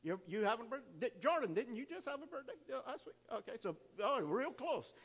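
A man, a pastor giving church announcements and leading the offering in a casual, chatty way, with quick laughs and restarts. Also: very high-pitched, big pitch swings, a bit bright, breathy edge. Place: church sanctuary.

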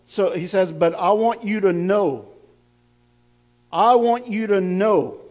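A man preaching a sermon, laughing now and then and building up to emphatic, repeated lines. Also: sits high.

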